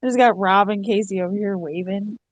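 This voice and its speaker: A woman in a casual online group voice call, giggly and quick with short quips. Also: medium pitch, no room sound.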